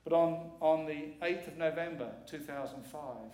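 Delivering a sermon as a visiting preacher, this middle-aged man speaks at a normal speed in a slightly high, slightly mellow voice. Earnest and forceful, he repeats words to drive them home, with the sound echoing around the church sanctuary.

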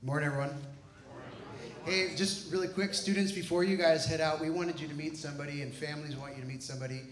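A man's voice: a little high, fairly even intonation, fast talker. A pastor with a slightly raised voice, playful and teasing as he introduces someone from the stage. The sound rings through an echoey sanctuary. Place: large church sanctuary.

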